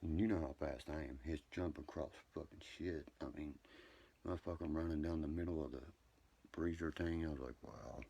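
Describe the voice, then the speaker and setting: Man, very low voice, husky, rambling live stream chat, swearing a lot. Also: brisk, warm tone. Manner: profane, boastful, rambling and heated. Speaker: livestreamer talking to viewers. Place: indoors at home, late at night.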